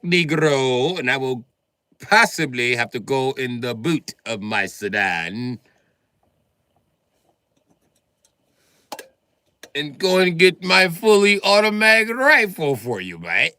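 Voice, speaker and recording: A man's voice: extremely high pitch, sharp tone, breathy edge, no room sound, clean studio sound, pitched above the performer's own voice, exaggerated voice. A man voicing a blustering, swaggering mock-British tough guy who makes heavy-handed threats.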